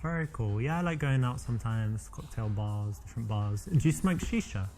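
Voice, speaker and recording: A man's voice: medium pitch, animated, darkish tone, soft background music, lightly acted. A man playing a cocky, stammering Englishman. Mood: flirty.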